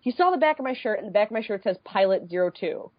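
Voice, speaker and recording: A woman in her twenties from the Midwest, co-hosting a podcast and telling a story in a casual, animated way with frequent swearing. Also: mid-range voice, fast, dry recording, lo-fi sound. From American Midwest. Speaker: podcast co-host.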